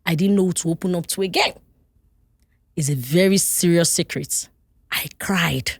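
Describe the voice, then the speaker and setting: A woman with a Nigerian accent, a podcast guest telling a personal story in a casual and animated way, often slipping into the voices of the people in it. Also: on the low side, normal speed, dry recording. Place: podcast studio.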